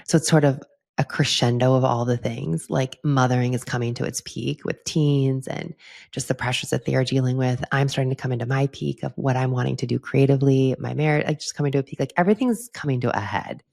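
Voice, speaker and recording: A woman's voice: rumbling low, steady tone, a little fast, vocal fry, darkish tone. A middle-aged woman hosting a solo podcast, talking candidly and chattily to her listeners and laughing often. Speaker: podcast host. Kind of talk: casual solo podcast chat.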